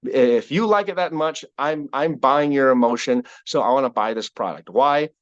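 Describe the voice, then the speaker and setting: A man leading a sales team call, giving an energetic motivational talk with a repetitive, preacher-like cadence. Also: mid-range voice, normal speed, no echo, lo-fi sound.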